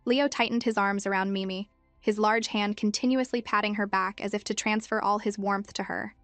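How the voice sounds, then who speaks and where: A woman giving scripted narration of a comic story recap in an even storytelling manner. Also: medium pitch, moderate pace, dry recording, soft background music.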